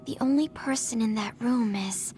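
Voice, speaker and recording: A woman's voice: fairly high pitch, normal speed, mellow, slight background noise, lightly acted. Woman voicing a worried young teammate. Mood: concerned.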